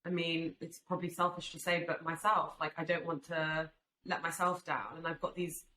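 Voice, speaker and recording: Low-voiced woman, earnest and reflective. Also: fairly even intonation, moderate pace, bright, forceful tone. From Albanian family, raised in UK. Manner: earnest, reflective, many fillers. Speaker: guest, swimwear brand founder. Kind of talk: casual podcast chat. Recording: echoey room with faint background noise.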